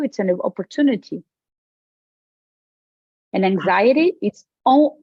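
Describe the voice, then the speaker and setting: A woman's voice: mid-range voice, a little slow, breathy edge, no room sound, dull audio. A woman with a Portuguese accent, a medicine practitioner speaking as a podcast guest, emphatic and repeating herself. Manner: emphatic, repetitive, animated. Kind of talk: podcast interview.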